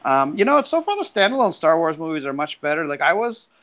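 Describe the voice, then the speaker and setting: A man's voice: on the high side, big pitch swings, a little fast, a bit bright. A man in casual chat giving emphatic, opinionated takes on movies.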